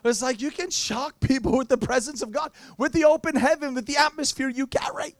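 A man's voice: very high-pitched, fairly quick, no room sound. A man preaching a sermon, telling playful stories and acting out quotes. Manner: playful storytelling with acted-out quotes.

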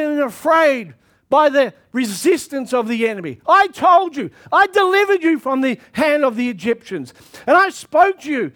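High-voiced man preaching with fervor. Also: sing-song, moderate pace. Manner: impassioned preaching that swells into shouted exhortations. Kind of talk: sermon.

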